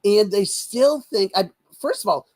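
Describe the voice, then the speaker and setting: An older man from the United States, a political commentator talking as an interview guest in an animated, rambling way with many restarts. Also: sits high, unhurried.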